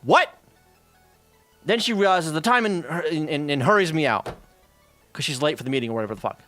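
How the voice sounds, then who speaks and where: A man's voice: on the high side, animated, fast, bright, forceful tone, soft background music. A man streaming, telling a rambling workplace story in casual chat, full of profanity, fillers and asides.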